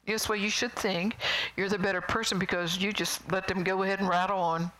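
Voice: medium pitch, little pitch movement, fairly quick, a bit bright, poor audio. A middle-aged preacher giving a sermon in a rambling, conversational way, with chuckling asides and whispered emphasis.

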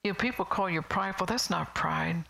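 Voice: mid-range voice, brisk, vocal fry, sharp tone, rough recording. A middle-aged preacher giving a sermon in a rambling, conversational way, with chuckling asides and whispered emphasis.

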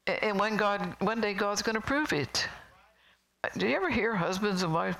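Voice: mid-range voice, moderate pace, gravelly, a bit bright, low-quality recording. A middle-aged preacher giving a sermon in a rambling, conversational way, with chuckling asides and whispered emphasis.

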